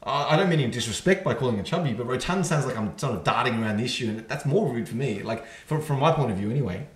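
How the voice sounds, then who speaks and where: Man, podcast host, rambling, slurred words, mid-pitched voice, echoey room. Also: animated. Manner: rambling, restarts often, fast and slurred by his own account. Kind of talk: casual chat. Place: room at home.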